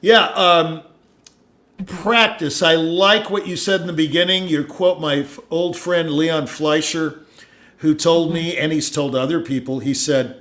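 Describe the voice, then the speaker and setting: An older man hosting a casual chat, storytelling with sudden loud asides and low mutters. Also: a little slow. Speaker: host.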